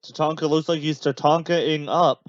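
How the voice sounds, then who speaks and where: A man in his usual mid-range voice gives offhand, relaxed running commentary as a podcast host. The recording sounds muffled and dry, as if the highs were dulled and there is no room echo. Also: normal speed. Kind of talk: casual live commentary while watching a match.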